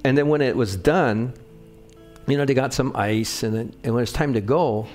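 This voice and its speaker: A man's voice: mid-range voice, normal speed, darkish tone. Male pastor, middle-aged, mid-range voice, chatty sermon delivery over faint guitar. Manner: conversational, often checks in with the congregation. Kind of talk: sermon with personal storytelling.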